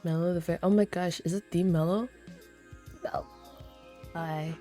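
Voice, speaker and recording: Chatty young woman streamer, mellow voice. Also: fairly low pitch, unhurried, faint music behind. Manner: chatty, excitable, swears freely, greets viewers by name. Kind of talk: casual chat with stream viewers.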